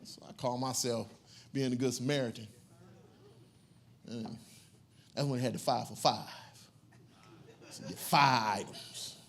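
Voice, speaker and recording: A man doing stand-up comedy, telling a story in an animated, conversational way on a comedy club stage. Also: mid-range voice, unhurried, vocal fry, long pauses. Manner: animated, conversational, acts out characters.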